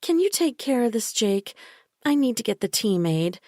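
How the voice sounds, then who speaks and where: A woman's voice: fairly high pitch, sing-song, normal speed, darkish tone, dry recording, clean studio sound, voice pushed up. A woman reading an audiobook, voicing a controlling woman who talks in a syrupy, condescending, soothing voice. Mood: sickly sweet. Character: cloying controlling woman, sickly sweet.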